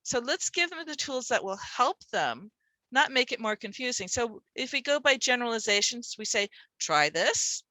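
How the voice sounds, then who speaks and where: A woman's voice: on the high side, animated, moderate pace, bright, forceful tone, no room sound, poor audio. A middle-aged woman leading a teaching workshop, explaining in a conversational way with rhetorical questions. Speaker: literacy teacher trainer.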